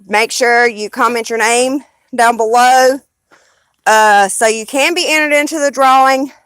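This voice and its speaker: A woman's voice: a little high, fairly even intonation, measured pace, a bit bright, dry recording. A woman with a Southern US accent chatting casually on a live stream, rambling and blunt, swearing freely.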